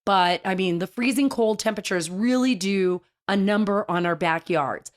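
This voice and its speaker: Chatty, animated woman talk show host. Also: moderate pace. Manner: chatty, animated storyteller with big pitch swings. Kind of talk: casual radio talk show.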